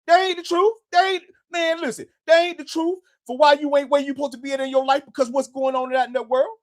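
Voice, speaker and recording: Fast-talking high-voiced man, profane monologue. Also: steady tone. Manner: profane, repetitive, says "man" constantly. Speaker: podcast host. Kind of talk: casual motivational monologue.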